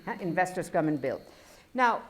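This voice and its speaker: A woman's voice: lowish voice, big pitch swings, moderate pace. Professor with a foreign accent, a woman, lecturing loosely with wry digressions. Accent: foreign accent in English. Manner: discursive, self-correcting, wry asides. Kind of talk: university lecture.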